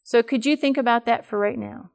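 A woman's voice: on the high side, a little fast, creaky, a little mellow. An older woman giving a live talk to an audience in a room, chatty and asking them questions. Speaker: speaker at a workshop.

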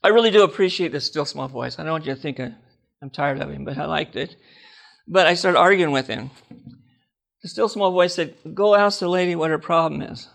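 A man's voice: on the high side, brisk, gravelly, a bit bright. An older man preaching a personal testimony, telling stories with laughter and acting out the dialogue.

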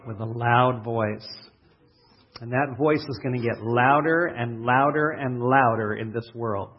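A man's voice: mid-range voice, measured pace, husky. A man preaching a sermon, praying and reading scripture aloud, stretching out key words and putting questions to his listeners before answering them. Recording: dull, lo-fi sermon recording.

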